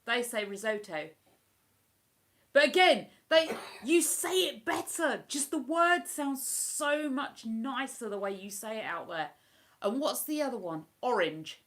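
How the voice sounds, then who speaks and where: A British woman chatting on a livestream in a bright, clear voice. She talks in an easy, rambling, enthusiastic way. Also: high-pitched, expressive, a little slow. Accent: British English. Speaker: livestream host. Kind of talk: casual chat.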